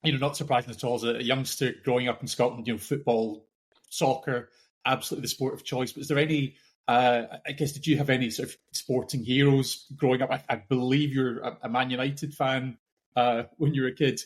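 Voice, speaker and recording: A man's voice: medium pitch, steady tone, brisk. A man co-hosting a podcast, putting loose questions with fillers to his guest. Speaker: podcast co-host. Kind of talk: casual interview chat.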